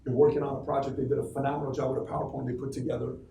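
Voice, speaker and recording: A man's voice: medium pitch, little pitch movement, racing, dark tone, slight background noise. A man, a CEO, telling a motivational story to his staff in punchy, emphatic short sentences. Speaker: CEO giving a talk to staff. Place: office room. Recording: echoey room, distant mic, faint ambience.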